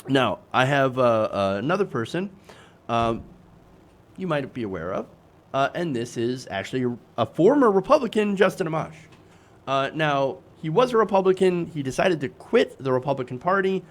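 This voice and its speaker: A man's voice: medium pitch, sing-song, moderate pace. A man hosting a political commentary show, sarcastic and self-correcting, with many fillers.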